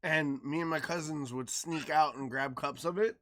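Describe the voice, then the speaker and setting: A man's voice: a little high, moderate pace. A man co-hosting a podcast, telling a story in casual chat, swearing freely and acting out the people he quotes. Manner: animated, swearing, acts out quotes loudly. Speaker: podcast co-host.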